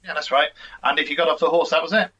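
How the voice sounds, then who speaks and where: Bright, joking man co-host. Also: fairly high pitch, steady tone, low-quality recording. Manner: joking, quick interjections. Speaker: podcast co-host. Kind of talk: casual chat.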